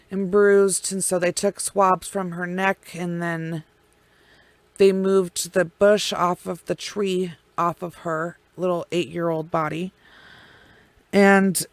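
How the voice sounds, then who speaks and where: A woman telling a true crime case in casual, blunt language full of swearing and heavy pauses. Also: fairly low pitch, a bit bright, dry recording.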